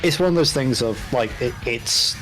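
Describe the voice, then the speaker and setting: A man's voice: medium pitch, moderate pace, a bit bright, soft background music, poor audio. A chatty British man hosting a casual painting stream, laughing often. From United Kingdom. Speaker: stream host.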